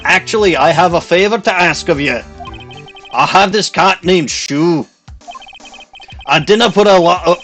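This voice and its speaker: Slacker rock-star dude, put-on Scottish accent, loud and drawn out; a male let's-player voicing him. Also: on the high side, pitched above the performer's own voice. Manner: loud, drawling, casual.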